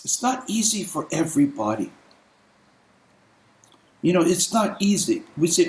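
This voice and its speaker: A man preaching a sermon as a pastor, telling stories conversationally and clearing his throat often. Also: high voice, expressive, normal speed, roomy sound, rough recording.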